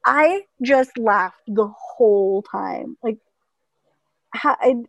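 A middle-aged woman telling a funny family story in casual chat, animated and laughing often, mimicking relatives in higher voices. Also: drawn-out words, gravelly, dry recording. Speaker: storyteller in a conversation; teacher.

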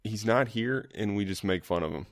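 A man with a low voice, joining a podcast and playing along with the jokes in a deadpan way. He is recorded close and dry, with no room sound. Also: brisk, no echo. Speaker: podcast co-host. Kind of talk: casual comedic podcast chat.

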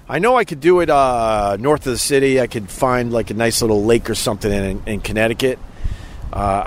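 A middle-aged man hosting a casual livestream outdoors on a beach at sunset, rambling and chuckling as he reads viewer comments. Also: on the low side. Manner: rambling, chuckling, loose and profane. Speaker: livestream host. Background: wind and faint outdoor noise.

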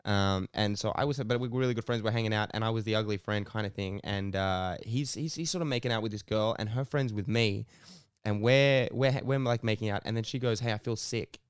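A man's voice: fairly low pitch, brisk, clear, resonant tone, no room sound, clean studio sound. A young man, co-hosting a podcast and telling stories in casual chat, laughing often and swearing casually. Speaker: podcast co-host.

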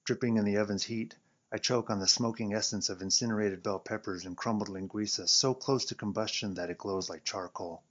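Man, lowish voice, wry first-person story reader, muffled lo-fi recording. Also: steady tone, a little fast, a bit bright. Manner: wry, sardonic narration. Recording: dull lo-fi recording.

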